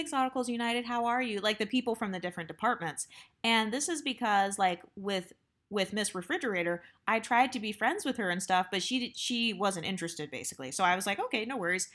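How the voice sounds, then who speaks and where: A woman's voice: mid-range voice, fairly bright tone. A young adult woman telling a workplace story in a casual, rambling way, full of fillers and blunt asides. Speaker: storytime vlogger.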